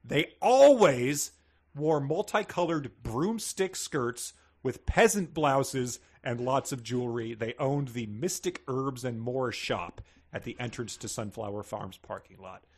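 A man's voice: mid-range voice, animated, a little slow, breathy edge. A man co-hosting a podcast, chatting wryly about a book and laughing often. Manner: wry, amused, laughing often. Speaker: podcast co-host. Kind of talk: casual comedic book discussion.

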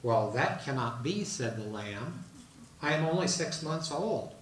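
A man's voice: mid-range voice, animated, unhurried, a little hiss or hum, close to an everyday voice. Meek young fable lamb, read aloud by a man; recorded at a distance in a hall. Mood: pleading. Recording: roomy hall, mic at a distance.

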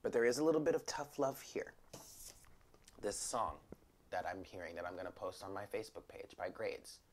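A woman's voice: very deep voice, expressive, normal speed, a little mellow, slight background noise. A woman giving a casual spiritual tarot reading, talking frankly and emphatically, swearing freely and dropping into whispered asides. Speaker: tarot reader.

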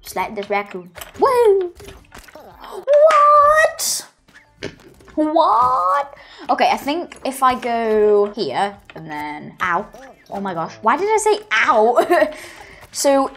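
A gaming video host giving excitable let's-play commentary, full of gasps and squeals, into a desktop microphone. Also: mid-range voice, measured pace.

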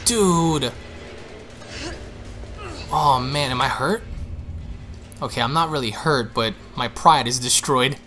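A young man giving excitable, panicky let's play commentary, repeating himself as he goes. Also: medium pitch, takes it slowly, pauses often, over music. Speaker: gaming streamer.

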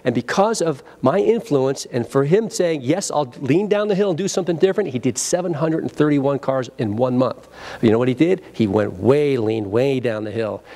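An energetic man teaches a sales training session in a convention seminar room. He talks at a middle pitch, acts out phone greetings and prompts his audience to repeat lines back to him. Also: moderate pace.

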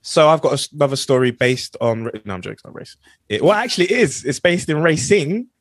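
A man's voice: a little high, animated, fast talker, no echo, studio quality. A man with a South London accent hosting a podcast, joking and telling a story with many fillers. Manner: jokey, pun-making, hesitant with many fillers. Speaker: podcast host. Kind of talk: casual chat, telling a news story.

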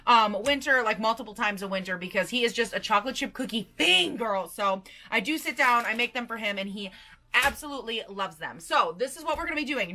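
A young woman in her twenties films a casual baking vlog in her home kitchen, with a camera propped on the counter capturing her. She talks to viewers in a goofy, bubbly way with sing-song asides, her voice high-pitched, animated, a little fast, bright and forceful.

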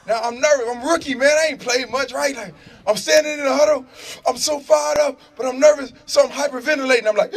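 High-pitched shouting man preaching. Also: a little fast, creaky. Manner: loud, shouting, laughing, street-slang storytelling. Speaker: motivational speaker. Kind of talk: animated preaching and storytelling. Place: prison gathering space.

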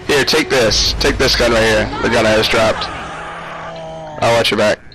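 A young man giving frantic live gameplay commentary, swearing and yelling at the game. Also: on the low side, fairly even intonation, normal speed, over music, poor audio. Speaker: gamer.

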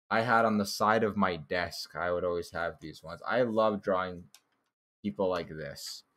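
A young man casually commenting on his old childhood drawings, laid-back and joking, swearing now and then and laughing at himself. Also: low-pitched.

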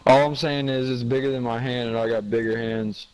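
A man's voice: mid-range voice, steady tone, fairly quick, rough recording. A young man in casual chat on a gaming stream, crude and joking, often repeating himself and quizzing his friend.

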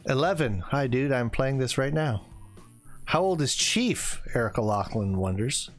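A man's voice: medium pitch, expressive, unhurried, faint music behind. A man in his forties hosting a casual gaming livestream, rambling and getting worked up as he chats. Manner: rambling, gets worked up, then apologizes. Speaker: livestream host.

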